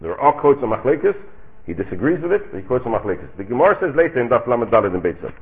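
Animated man teaching Talmud, gravelly. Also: medium pitch, fast talker. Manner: sing-song questioning, answers own questions. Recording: tinny phone-like recording.

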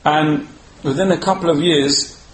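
A man retelling a religious folk tale in a lively way, restarting phrases often and mixing in Yiddish and Hebrew words. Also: fairly high pitch, measured pace, slight background noise. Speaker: storyteller. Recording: roomy echo.

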